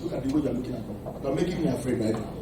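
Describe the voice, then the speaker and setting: A man's voice: medium pitch, expressive, racing, background noise. A man preaching a sermon as pastor, emphatic and quizzing the congregation with questions. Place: church hall. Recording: echoey hall from far off.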